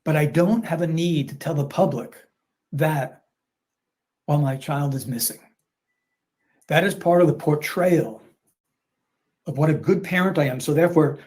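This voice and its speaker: An older man explains in a measured, lecturing way, with a voice a little higher than most men's. He comes back to his main points again and again. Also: a little mellow. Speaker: commentator on video. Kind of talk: explanatory commentary.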